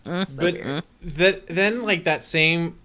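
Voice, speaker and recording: A man's voice: fairly high pitch, drawn-out words, heavy background noise. A man in casual conversation, chatty and prompting his friends to tell stories. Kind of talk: casual chat.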